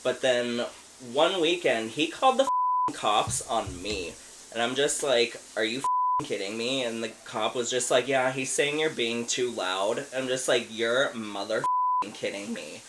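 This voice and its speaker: A man's voice: medium pitch, lively intonation, unhurried, heavy background noise. A man in his thirties on a podcast, telling a story in a casual, rambling way, swearing a lot and filling it with "like". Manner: profane, rambling, lots of "like". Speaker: podcast co-host.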